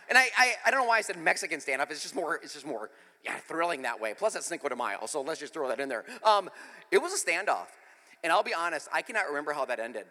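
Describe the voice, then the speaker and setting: A pastor giving a humorous, self-deprecating sermon with an animated storytelling manner, speaking in a church. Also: male voice, sits high, long reverb tail. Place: church in the speaker's home city.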